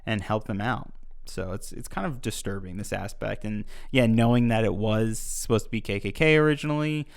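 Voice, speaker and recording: A man's voice: on the low side, moderate pace, vocal fry. A young adult man, a podcast co-host, giving loose, casual opinions on a film with frequent filler words.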